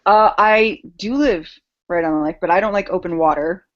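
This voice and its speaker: A woman's voice: lowish voice, normal speed. A woman chatting as a podcast guest, matter-of-fact and explaining. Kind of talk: casual chat. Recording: slightly muffled podcast audio.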